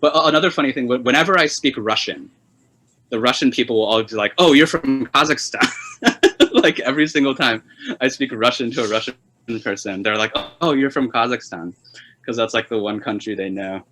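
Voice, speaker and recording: A young man from China, a polyglot journalist, answering interview questions in a relaxed way, with lots of fillers and chuckles while telling stories. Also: medium pitch, fast talker, a little hiss or hum, rough recording. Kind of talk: casual interview conversation.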